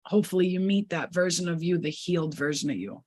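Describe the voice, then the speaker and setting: A woman's voice: on the low side, fast talker, a little mellow, breathy edge. A woman giving an intuitive spiritual reading to her viewers, rambling and repeating herself, then turning blunt, profane and fiery. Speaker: spiritual reader.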